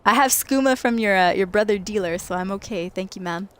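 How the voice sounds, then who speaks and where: A woman's voice: medium pitch, a little fast. Giggly young woman streaming a game. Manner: chatty and giggly, talking to chat while playing. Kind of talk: casual late-night gaming livestream chat.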